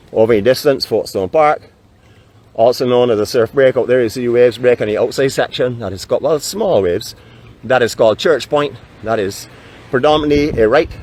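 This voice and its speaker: A man's voice: medium pitch, darkish tone. A Barbadian man hosting a live vlog from a raft off the beach, chatting like a welcoming tour guide, picked up by the camera mic with no external microphone. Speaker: vlog host. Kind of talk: live outdoor vlog narration. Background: faint wind.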